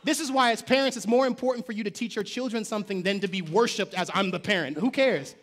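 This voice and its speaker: A male pastor preaching a lively sermon in a church, shouting call-and-response lines and dropping slangy jokes and asides. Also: extremely high pitch, fast. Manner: casual slangy asides and joking. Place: church sanctuary.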